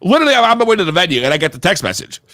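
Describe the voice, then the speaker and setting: A young man from Connecticut tells a story with a high voice that swings widely up and down. His delivery is heated, slangy and full of swearing, and it rambles and restarts. The recording is dry and close. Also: rapid-fire, dry recording. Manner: profane, heated, animated storytelling. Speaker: podcast regular telling a story. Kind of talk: casual storytelling.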